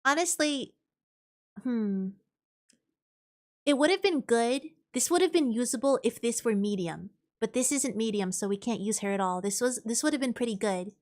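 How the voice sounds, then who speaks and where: A woman's voice: a little high, normal speed, darkish tone. A woman streamer chatting casually while gaming, thinking aloud and answering chat.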